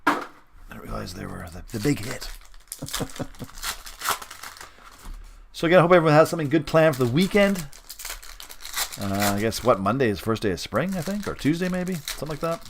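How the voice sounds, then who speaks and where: A middle-aged man from Western Canada, casually commenting as host of a live sports card break and reading out each card with quick upbeat reactions. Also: mid-range voice, big pitch swings, gravelly, a little hiss or hum. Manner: chatty, rambling, reads out cards with quick upbeat reactions.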